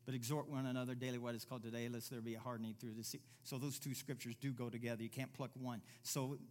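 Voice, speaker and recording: A man preaching a sermon as pastor, reading scripture aloud and building from quiet, low passages to loud, emphatic ones. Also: level tone, quick pace. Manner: reads scripture aloud and voices imagined listeners.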